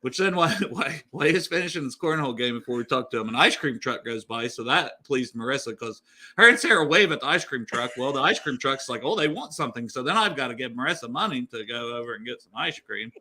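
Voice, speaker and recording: A man's voice: mid-range voice, animated, fast, sharp tone. A man co-hosting a casual sports podcast, telling rambling game-day stories with lots of fillers. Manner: rambling storyteller, many fillers and laughs. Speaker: podcast co-host.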